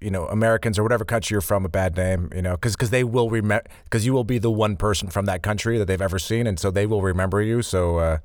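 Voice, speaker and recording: A man's voice: fairly low pitch, fairly even intonation, fast, few pauses, dry recording, clean studio sound. A man co-hosting a podcast, easygoing and joking, rambling a little as he talks. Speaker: podcast co-host. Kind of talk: casual chat.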